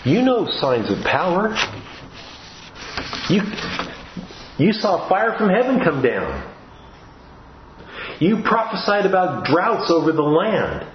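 A man's voice: high-pitched, huge pitch swings, takes it slowly, long pauses, a little hiss or hum. Man preaching in a roomy church. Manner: earnest, with frequent restarts and repeated phrases. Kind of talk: sermon. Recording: roomy, dull-sounding recording.

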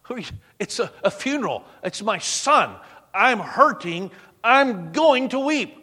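A man's voice: high-pitched, very animated, a little slow, sharp tone, breathy edge, big-room sound, pitched above the performer's own voice, exaggerated voice. Grieving, bewildered mother, as a preacher puts her on. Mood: pleading.

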